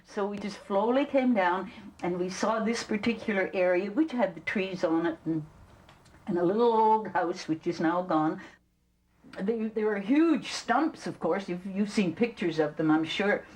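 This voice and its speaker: An older woman recalling the past in an interview, halting and repeating words as she tells her story. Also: medium pitch, darkish tone, poor audio. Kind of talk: reminiscing interview.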